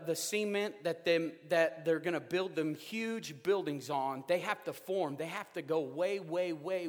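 A man preaching a sermon, animated and joking, with sudden loud outbursts. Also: fairly high pitch. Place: church sanctuary. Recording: reverberant church hall.

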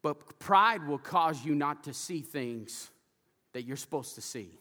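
A man preaching a sermon as pastor in a church, telling stories energetically and getting loud and animated. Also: a little high, a little slow, in a large hall. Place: church sanctuary.

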